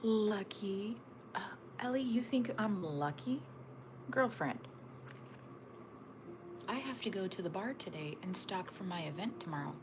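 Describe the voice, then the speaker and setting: A woman with a mid-range voice chats with her livestream viewers from home, answering their comments one after another. She often sinks into a near-whisper mid-sentence. A steady hiss of background noise runs under the whole recording. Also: medium pitch, measured pace, long pauses. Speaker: livestream host. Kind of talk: casual livestream chat with viewers. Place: at home looking out over a snowy backyard.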